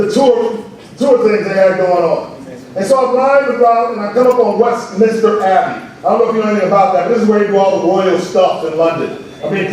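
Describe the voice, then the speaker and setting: A man preaching a sermon, telling stories and rising to shouts on key points, in a large church. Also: sits high. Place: church sanctuary. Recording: far from the mic in a very echoey church hall.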